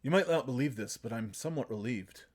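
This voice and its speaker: A man's voice: medium pitch, expressive, quick pace, darkish tone, natural voice. A man voicing a stern, disapproving older dwarf brother who speaks grudgingly. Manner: gruff and grudging.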